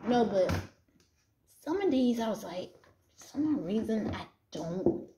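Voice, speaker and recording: A woman's voice: on the high side, lively intonation, unhurried, noisy background. A young woman, casually chatting with her viewers in a home vlog, full of fillers and restarts. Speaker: Christian romance author vlogging. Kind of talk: casual chat. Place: bedroom at home.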